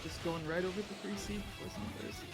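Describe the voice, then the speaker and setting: A man doing live esports commentary on a fighting game, his voice sitting a little high for a man. He talks easily through the action and jumps on big moments with quick calls. Game music plays clearly behind him. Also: low-quality recording. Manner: relaxed play-by-play with short excited calls. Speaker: tournament commentator.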